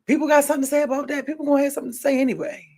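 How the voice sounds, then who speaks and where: Racing along in a high voice with a level tone, a woman podcast host chats casually. She is emphatic, repeats phrases to stress them, and shifts between loud and soft.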